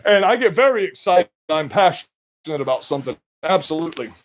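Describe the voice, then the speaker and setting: A man livestreaming from his work shed on a phone, talking loud, rambling and profane, wired on energy drinks, so that he always sounds like he is yelling. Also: fairly high pitch, expressive, fairly quick. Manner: loud, rambling and profane, with many "you know"s. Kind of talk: livestream rant.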